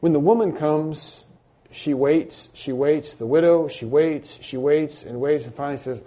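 A man preaching an unscripted sermon, often restarting his sentences and rising and growing louder on his emphatic points. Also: a little high, unhurried. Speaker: pastor.

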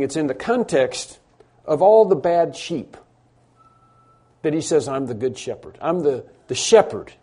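A man's voice: medium pitch, dark tone, breathy edge. A man preaching a sermon, emphatic, building through repeated phrases and frequent restarts. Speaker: pastor.

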